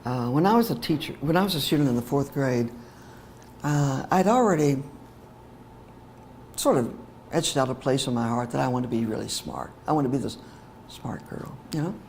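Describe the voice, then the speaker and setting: An older woman, a teacher educator, telling a heartfelt personal story in an animated way, with fillers and laughter. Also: a bass voice, normal speed, pauses often, a little hiss or hum.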